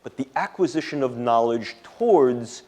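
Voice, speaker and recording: A man's voice: medium pitch, expressive, moderate pace, a little mellow. A man with a New York City accent giving a public lecture to an audience, speaking in a discursive, academic way with technical jargon. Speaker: guest lecturer. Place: lecture room before an audience.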